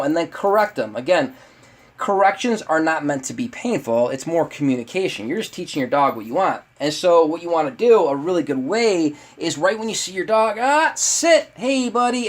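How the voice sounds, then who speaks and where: A man teaching a dog training webinar in a casual way, talking straight to viewers with many fillers and restarts. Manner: acts out lively owner voices in high pitch.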